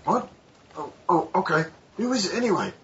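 A man's voice: sits high, very animated, normal speed, a bit bright. A man playing a tabletop game, jokey and asking lots of questions. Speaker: player. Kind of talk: casual tabletop play. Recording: dull lo-fi recording with faint hiss.

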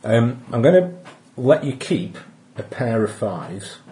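A man running a tabletop game as game master, chatty and relaxed, giving rulings with plenty of ums. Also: mid-range voice, takes it slowly. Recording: echoey room with faint noise.

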